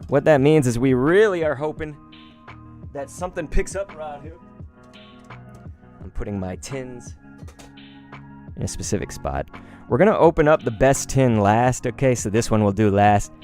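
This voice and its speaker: A young man chatting excitedly on a live stream while opening trading cards, talking straight to his chat in slangy, hyped-up bursts. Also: medium pitch, moderate pace, long pauses, soft background music.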